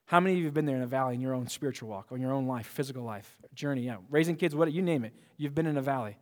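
A male pastor preaching a sermon to his church, moving from hushed prayer to loud, excited asides and often repeating and restarting words. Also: mid-range voice, very fast, big-room sound. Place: church auditorium.

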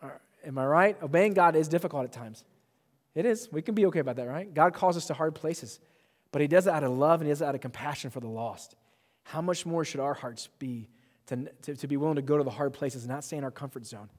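A young man preaching a sermon, animated and joking, with self-mocking asides. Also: fairly high pitch, fast talker, in a large hall. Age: young adult. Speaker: pastor.

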